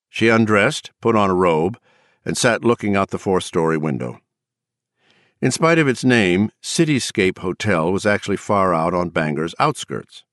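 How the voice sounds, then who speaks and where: A man narrating an audiobook in an expressive, measured reading. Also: low-pitched, no echo, studio quality.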